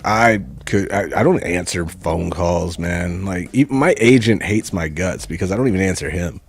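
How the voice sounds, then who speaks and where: Man, from Canada, co-host, laid-back, dry humor, lowish voice, faint music. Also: moderate pace, gravelly. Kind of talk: casual chat.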